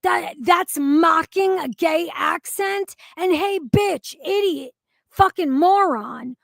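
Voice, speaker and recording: A woman's voice: very high-pitched, slow pace, vocal fry, no echo. A woman hosting a stream, ranting in a heated, profane commentary. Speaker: stream host.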